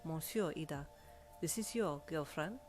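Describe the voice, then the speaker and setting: A woman voicing a charming French male valet driver, speaking slowly with a put-on French accent. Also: low-pitched, a little mellow. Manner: charming, flirtatious, slow and deliberate. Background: faint backing music.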